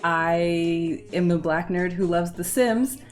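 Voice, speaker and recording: A woman's voice: lowish voice, slow pace, darkish tone, faint music behind. A woman hosting a game livestream in casual chat, flustered and awkward, greeting viewers with giggles. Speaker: livestream host.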